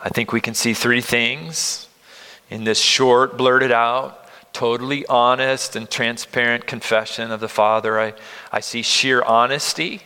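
A man in his fifties preaching a sermon, earnest and emphatic, moving between loud stress and near-whispers. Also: medium pitch, fairly even intonation, measured pace, clean tone. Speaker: pastor. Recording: long reverb of a large hall.

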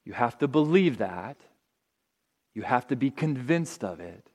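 Slow, earnest male preacher. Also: mid-range voice, very animated. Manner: earnest, deliberate, drops softly at phrase ends. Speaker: pastor. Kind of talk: sermon. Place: auditorium.

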